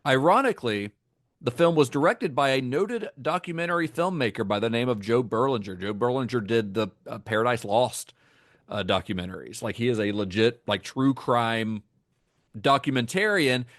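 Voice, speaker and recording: A man co-hosting a film podcast, chatting casually and with enthusiasm, often restarting his sentences. His voice sits at a middle pitch and sounds dry and close to the mic, with no room echo. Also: lively intonation, normal speed, a bit bright. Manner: enthusiastic, frequent fillers and restarts. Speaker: podcast co-host.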